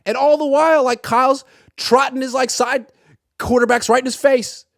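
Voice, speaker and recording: A man's voice: very high voice, fairly even intonation, normal speed, creaky, no echo, clean studio sound. A man giving a sarcastic sports commentary monologue and acting out imagined dialogue.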